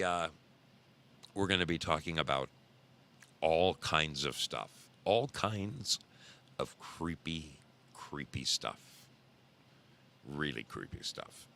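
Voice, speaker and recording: Low-voiced rambling male podcast host. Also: bright, forceful tone. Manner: rambling, emphatic, repeats himself for effect. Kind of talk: casual storytelling monologue.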